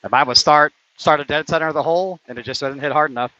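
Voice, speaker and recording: A man talks his way through his own round on an outdoor course, calling each shot and getting openly frustrated when putts miss. His voice is bright and a little tense. The stream audio sounds dull and lo-fi. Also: on the high side, fast talker, no room sound. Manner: competitive, frustrated, swearing after bad shots. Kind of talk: casual play-by-play while playing. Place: outdoor mini golf course.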